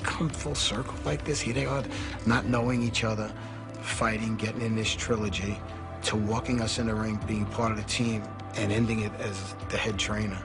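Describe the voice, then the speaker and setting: A man looks back on a fighter in an unhurried, reflective interview. His voice is lowish, and a music bed sits clearly behind him. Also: fairly even intonation. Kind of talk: interview recollection.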